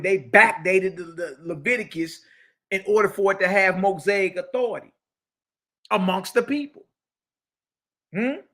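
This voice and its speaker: A man giving a mocking, slangy religious lecture, reading passages from a book aloud and riffing on them. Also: sits high. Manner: mocking, preachy, slangy and lively, reads passages aloud then riffs. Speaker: teacher.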